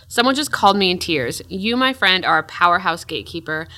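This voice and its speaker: Bright-voiced female podcast co-host. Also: lowish voice, animated, fairly quick. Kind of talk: casual podcast chat.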